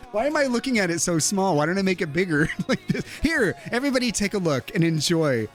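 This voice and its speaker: Animated high-voiced man chatting on stream. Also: normal speed. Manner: animated, laughs often, lively. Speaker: livestream host. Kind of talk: casual chat reading viewer comments. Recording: faint music behind.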